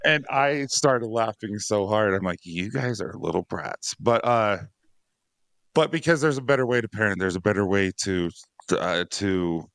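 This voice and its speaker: A man's voice: lowish voice, normal speed, fairly bright tone, clean tone, no echo. A man who is a father of six, talking casually on a dads podcast, rambling and laughing often. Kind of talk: casual conversation.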